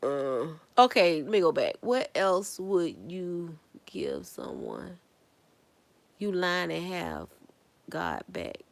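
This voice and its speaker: A woman paints earrings live and chats in a very animated but slow way, her lowish voice creaky. She rambles through her thoughts, laughs at her own musings, and keeps asking viewers questions.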